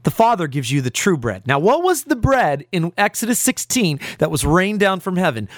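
Animated male preacher, lively pitch. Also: normal speed, hardly any pauses, dry recording, clean studio sound. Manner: preaching with rhetorical questions and dramatic scripture readings. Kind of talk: sermon.

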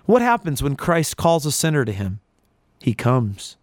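A man delivers a sermon with earnest conviction, his voice pitched a little high. He drops to near-silent pauses and then builds back up with emphasis. The sound is dry and close, with no room around it. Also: big pitch swings, dry recording. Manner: earnest preaching with rising emphasis and dramatic pauses. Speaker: preacher.

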